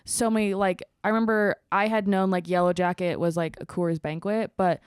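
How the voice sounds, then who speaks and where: A woman's voice: on the low side, a little fast, clear, resonant tone, dry recording, clean studio sound. A woman and bartender chatting on a podcast, telling bar stories and acting out customers with laughs. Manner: animated storyteller, acts out customers with laughs. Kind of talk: casual chat.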